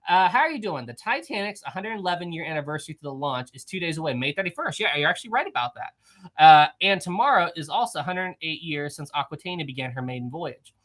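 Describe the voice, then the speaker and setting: A man's voice: a little high, expressive, fast, fairly bright tone. A man hosting a casual live stream, reading viewer messages aloud, laughing often and repeating himself.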